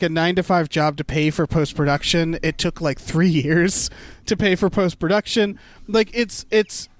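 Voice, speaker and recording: Man, podcast co-host, high voice, dry close sound, rambling casual chat, swears a lot. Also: smooth, dry recording. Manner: rambling, swears freely, many fillers and restarts.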